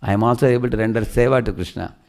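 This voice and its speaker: A man's voice: mid-range voice, very fast, darkish tone, lightly acted. A man voicing a group of earnest clouds eager to serve, in a storytelling sermon.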